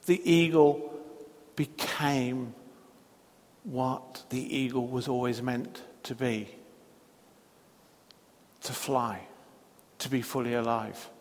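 Slow, measured male preacher in a reverberant church. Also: medium pitch, steady tone, darkish tone. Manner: slow, measured storytelling with long pauses. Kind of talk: sermon.

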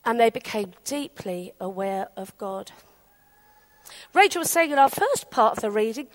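Her voice is a little high and moves at normal speed. She's an Englishwoman preaching a sermon as animated, chatty storytelling, performing the quotes of people in her anecdotes.

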